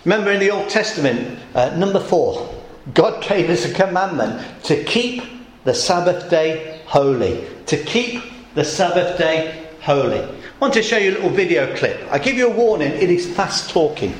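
A man's voice: high voice, big pitch swings, normal speed. A man preaching a sermon in a conversational way, asking the congregation questions. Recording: echoey church room.

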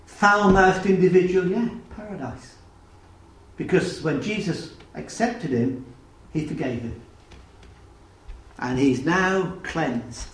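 A man delivers a sermon with earnest emphasis, often turning to his listeners with pointed questions. His voice sits fairly high. The sound carries the echo of a large room. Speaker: preacher.

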